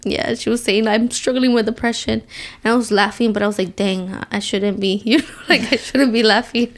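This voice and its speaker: A woman co-hosting a podcast in a casual chat, who keeps up a steady stream of quick "yeah"s, giggles often, and gets animated when she quotes other people. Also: on the high side. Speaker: podcast co-host.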